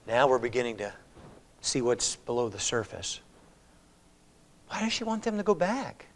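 A man's voice: mid-range voice, very animated, normal speed, pauses often. A male preacher teaching through a Bible passage in a conversational way, voicing the characters' lines as he reads. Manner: conversational, acts out the characters' words. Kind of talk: expository Bible-study sermon. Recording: long reverb of a church hall.

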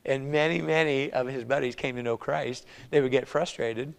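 A man's voice: medium pitch, fairly even intonation, normal speed, vocal fry, smooth, big-room sound. A man preaching a sermon as pastor, talking in a conversational way and acting out quotes of doubting believers.

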